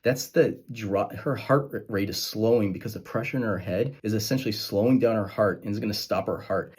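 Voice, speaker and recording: A man, a surgeon and podcast host, telling a story to the camera in a lively way and acting out the quoted lines. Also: mid-range voice, breathy edge.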